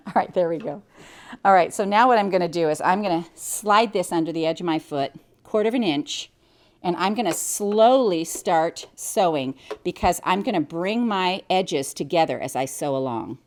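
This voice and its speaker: A woman's voice: lowish voice, animated, normal speed. A middle-aged American woman teaching quilting, chatting cheerfully as she explains each step while she cuts and sews. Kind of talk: hands-on sewing tutorial.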